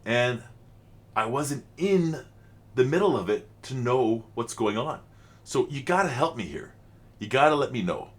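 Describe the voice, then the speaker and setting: A man's voice: medium pitch, a bit bright. Middle aged guy rambling on a reaction vlog, lots of like and you know, voice goes way up and down. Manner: rambling, chatty, frequent fillers. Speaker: channel host reacting to music.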